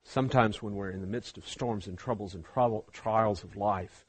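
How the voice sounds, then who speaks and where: A man preaching a sermon, swinging from hushed, slow passages to loud, fervent ones. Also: lowish voice, slightly rough, no echo.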